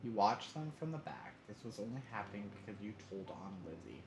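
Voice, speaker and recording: A man's voice: on the low side, sing-song, a little fast, music in the background. Man narrating a story game with asides. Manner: reads aloud with asides and laughs. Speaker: streamer reading a story game. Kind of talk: live-streamed story narration. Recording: roomy echo, faint noise.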